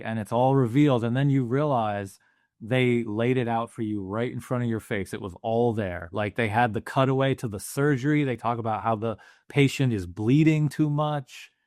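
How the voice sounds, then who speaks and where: A man's voice: mid-range voice, darkish tone, no room sound, clean studio sound. A man co-hosting a casual movie podcast, laying out his points about a film step by step. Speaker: podcast co-host.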